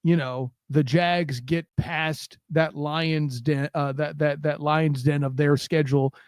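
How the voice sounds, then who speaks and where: High-voiced man rambling through football talk. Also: fairly even intonation, slow, smooth, no echo, studio quality. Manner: rambling, with frequent stammered restarts. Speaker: podcast co-host. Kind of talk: casual sports talk.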